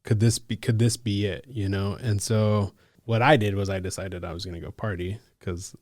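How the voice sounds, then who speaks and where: A man from Alaska working as a case manager, telling his own story in a casual, slangy podcast chat full of "like" and "bro" and quick laughs. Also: fairly low pitch, steady tone, a little mellow, no room sound, clean studio sound.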